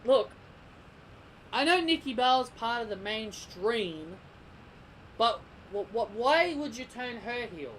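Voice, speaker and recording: A man's voice: extremely high pitch, expressive, slow, pauses often, fairly bright tone, slight background noise, low-quality recording. A young man giving a heated, opinionated commentary rant as a vlogger, repeating himself and restarting sentences. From Australia. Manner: heated, repetitive, stumbling restarts. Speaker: wrestling vlogger.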